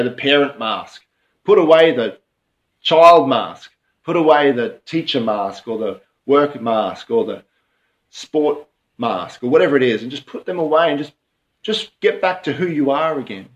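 A man in Australia giving a reflective devotional sermon, often repeating and restarting his phrases. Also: medium pitch. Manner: reflective, repeats and restarts phrases, speaks slowly at key points. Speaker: pastor.

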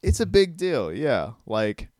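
A man's voice: a little high, big pitch swings, slow, a little mellow, no echo, studio quality. A man chatting casually on a comedy podcast, laughing often and swearing freely.

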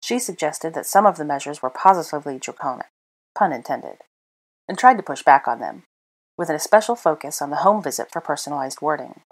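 Her deep voice carries lively intonation as she briskly reads fan fiction in an unedited home recording. She narrates and voices the dialogue, subtly changing for each character.

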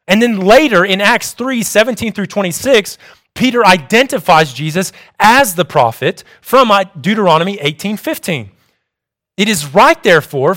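A young man delivering a sermon, reading in a measured, explanatory way. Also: high-pitched, a bit bright. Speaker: preacher.

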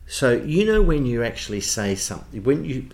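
A man with an Australian accent, a theatre producer telling lively backstage anecdotes in an interview. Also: medium pitch, moderate pace, vocal fry. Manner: animated storyteller, does voices in quotes.

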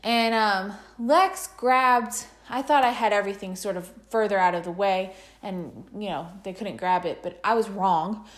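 A woman's voice: mid-range voice, normal speed, few pauses. Laughing woman telling a story. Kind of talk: casual storytelling chat.

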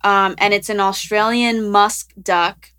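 A woman's voice: mid-range voice, steady tone, slow pace, pushed and bright, clean tone. A young woman co-hosting a podcast in casual chat, giggly and full of filler words. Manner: chatty, giggly, lots of "like" and "um". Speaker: podcast co-host.

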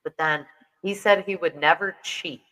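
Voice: medium pitch, normal speed, pushed and bright, poor audio. A podcast host recapping reality TV at home in a chatty, casual way, with lots of fillers. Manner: chatty, heavy use of "like", mimics people in quotes.

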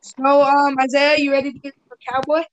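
A woman's voice: high-pitched, flat delivery, fairly quick. A teenage girl hosting a casual chat with friends, teasing and giggly as she steers the topics. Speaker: podcast host.

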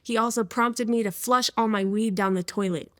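A woman's voice: fairly high pitch, steady tone, normal speed, no echo, studio quality. A woman in her twenties telling her personal testimony to an interviewer in a casual, slangy way, often breaking into laughter. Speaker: interview guest.

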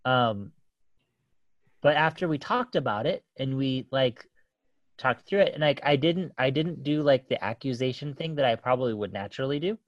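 A man's voice: mid-range voice, expressive, moderate pace, no room sound, muffled recording. A man in his thirties casually telling a story about his kids, rambling with lots of fillers and restarts and laughing often.

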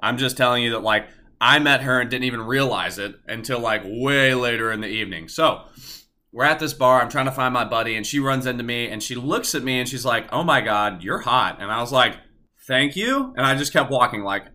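A young man talks straight into his podcast from his apartment, spinning a story with loud, cursing enthusiasm. His voice sits in a middle pitch but comes out bright and forceful. He keeps the tone casual and animated, like a host riffing alone. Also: a little fast. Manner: animated, profane, talks about himself in third person.

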